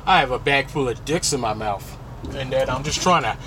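A man's voice: medium pitch, a little fast, sharp tone, a little hiss or hum. A young man with a nasal voice, ranting in a rambling, profane, casual way. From United States. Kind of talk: casual rant.

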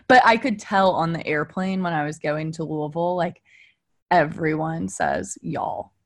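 A woman's voice: low voice, unhurried. A young woman co-hosting a podcast, upbeat and playful in casual chat. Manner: upbeat, playful, drawls for fun. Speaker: podcast co-host.

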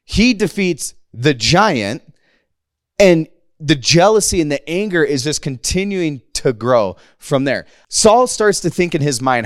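A man's voice: on the high side, very animated, a little slow, no echo, clean studio sound. A man in his thirties preaching a casual, conversational sermon to a congregation, slangy and playful, acting out the quotes. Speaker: pastor.

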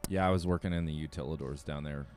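A man from Alaska co-hosting a podcast, dropping deadpan jokes and telling long rambling stories. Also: a bass voice, fast, faint music behind. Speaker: podcast co-host. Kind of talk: casual joking banter.

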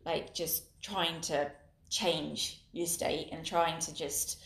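A woman's voice: deep voice, steady tone, slow, a bit bright. A woman in casual podcast conversation, chatty, checking in with "do you know what I mean". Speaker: podcast co-host. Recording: roomy echo.

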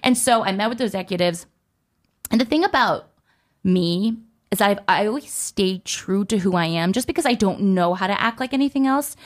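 A woman's voice: medium pitch, moderate pace. A young woman, an entertainment host, chatting casually as she tells a story about her career. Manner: chatty, animated, acts out quoted voices.

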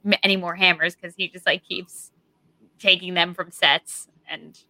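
Bright young woman, dry close sound. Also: on the low side, steady tone, normal speed, no room sound. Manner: laughing, easygoing, chatty. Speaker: podcast co-host. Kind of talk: casual movie review chat.

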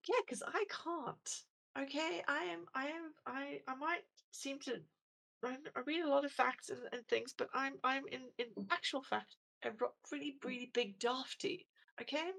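A woman's voice: high voice, fairly even intonation, moderate pace, gravelly, fairly bright tone. A woman co-hosting a podcast in casual chat, rambling and self-deprecating, full of fillers and restarts. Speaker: podcast co-host.

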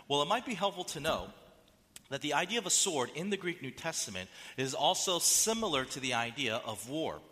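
Man, pastor, lively sermon, bright forceful voice, long hall reverb. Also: on the high side, a little fast. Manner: animated preaching, acts out quoted voices.

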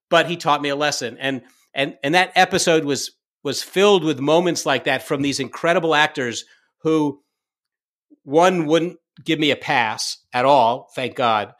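Guy telling on-set stories, chatty, keeps restarting sentences, does the voices of people he quotes. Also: mid-range voice. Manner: animated anecdote-telling, acts out quoted lines; frequent fillers and self-restarts. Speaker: TV director. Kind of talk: casual interview storytelling.

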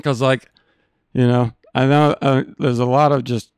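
Dude hosting a stream, swears a lot, real earnest, smooth clear voice, dry room. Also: male voice, mid-range voice, steady tone, unhurried, dry recording. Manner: profane, earnest, blunt. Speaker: stream host. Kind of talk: casual chat.

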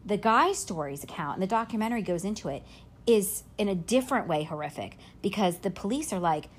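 A woman podcast host retelling a story in casual chat, haltingly, with fillers and self-corrections. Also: medium pitch, animated.

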